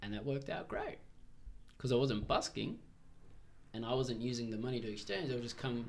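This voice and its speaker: A young man tells his travel stories as a podcast guest, animated and loose, swearing now and then. His voice has a gravelly, creaky edge at a mid pitch. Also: moderate pace, slight background noise. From Israel. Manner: animated, acts out quoted voices, swears freely. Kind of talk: casual storytelling.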